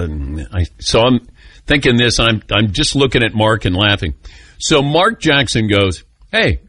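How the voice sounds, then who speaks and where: Husky and medium-pitched, this male sports radio host takes his time, spinning stories with frequent laughter and fielding calls from listeners. He's lively and animated, and the audio has no room sound.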